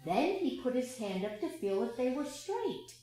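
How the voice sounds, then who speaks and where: A woman, a school director, reading a children's picture book aloud in a playful, expressive way, asking the listeners questions. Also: a little high, normal speed. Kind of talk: children's storybook read-aloud. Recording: very echoey room.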